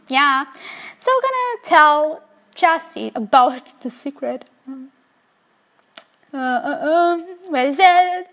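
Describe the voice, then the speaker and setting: High-voiced Portuguese-accented woman gamer. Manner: chatty, giggly, easily excited. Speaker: gaming let's-play host. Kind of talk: casual gameplay commentary.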